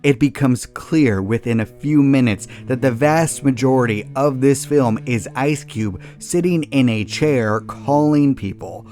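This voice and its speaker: A man with a voice of ordinary, middle pitch narrates a comedic movie review. His delivery is dry, sarcastic and exasperated. Faint music plays beneath his voice. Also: a little mellow.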